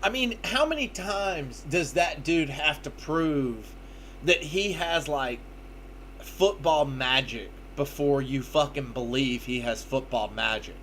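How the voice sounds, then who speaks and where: Higher-voiced man, faint hum behind. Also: slow, a bit bright. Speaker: podcast co-host. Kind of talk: casual sports betting chat.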